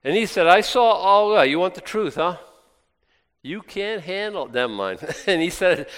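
A man preaching a sermon, reading scripture aloud and breaking into lively, sarcastic asides. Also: high voice, normal speed. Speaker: pastor. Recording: long hall reverb.

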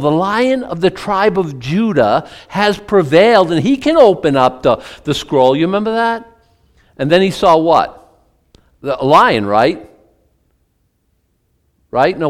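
A man giving a conversational Bible-teaching sermon as pastor, asking his listeners questions and adding chatty asides between scripture readings. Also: mid-range voice. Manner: asks the congregation questions, chatty asides, reads from old scripture.

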